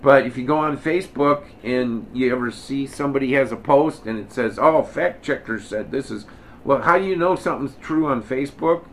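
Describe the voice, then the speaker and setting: A man's voice: medium pitch, brisk, hardly any pauses, a little hiss or hum. A man leading an informal Bible study, talking bluntly and folksy, mockingly acting out the Pharisees.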